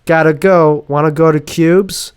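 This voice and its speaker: A man's voice: a little high, steady tone, a little slow, clear, resonant tone, voice pushed up, close to an everyday voice. A man voicing a nervous young male stand-up comic who is bombing on stage, pushing a forced upbeat delivery.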